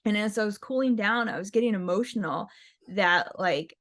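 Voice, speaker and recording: A woman's voice: medium pitch, moderate pace, fairly bright tone. A woman, a professional marathon runner, answering interview questions in an earnest, encouraging way with many fillers. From United States. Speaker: guest, pro marathon runner.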